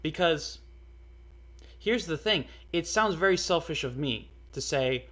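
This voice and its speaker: A young man telling a personal story in a casual, earnest way, halting often with fillers and restarts. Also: a little high, animated, a bit bright. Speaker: storyteller vlogger.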